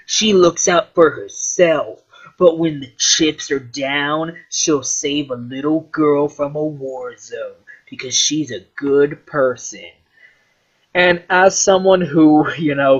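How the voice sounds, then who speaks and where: A man rambling casually about a film, full of fillers and swearing, animated as he goes. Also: mid-range voice, muffled recording. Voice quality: filler-heavy, profane, animated. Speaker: vlogger reviewing a film.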